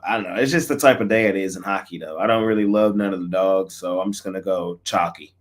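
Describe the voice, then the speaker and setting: Male betting-show host with a lowish voice, easygoing and slangy, tends to mumble his endings. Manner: laid-back, slangy, trails off quietly. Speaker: sports betting picks host. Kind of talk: casual picks chat.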